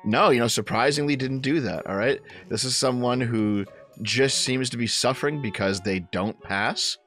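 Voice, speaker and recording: A man reacting to video clips, loud, crude and quick to exclaim. His pitch sits in a middling range. Faint music runs underneath. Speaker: commentary host.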